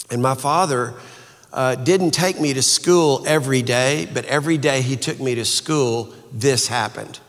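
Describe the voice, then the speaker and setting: A man, a speaker and author, telling a personal story in an earnest, halting way with frequent restarts. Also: medium pitch, a bit bright, long reverb tail.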